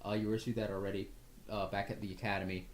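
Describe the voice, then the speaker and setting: Brief: laid-back game master, rambling narration, roomy room, faint noise. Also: male voice, on the low side, little pitch movement, racing.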